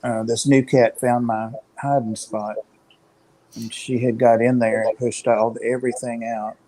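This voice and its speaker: A man's voice: mid-range voice, flat delivery, a little slow, dark tone, slight background noise, low-quality recording. A man co-hosting a livestream, chatting casually with dry, wry remarks. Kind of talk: casual chat.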